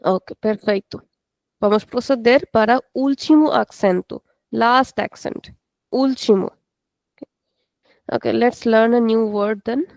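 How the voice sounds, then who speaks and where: A woman's voice: a little high, normal speed, gravelly, long pauses, a little mellow, no room sound. A woman teaching a live online class, patiently explaining and repeating words for her students. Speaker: Portuguese teacher.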